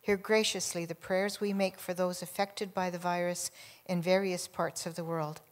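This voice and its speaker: A woman reading a congregational prayer aloud in church, slow and measured. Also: fairly low pitch, flat delivery. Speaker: lay prayer leader. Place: church sanctuary.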